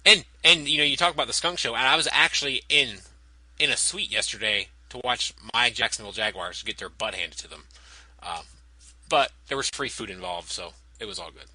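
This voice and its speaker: A man's voice: mid-range voice, animated, fairly quick, bright, forceful tone, dry recording, low-quality recording. A man co-hosting a podcast, wry and hesitant with lots of ums. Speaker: podcast co-host. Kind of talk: casual chat.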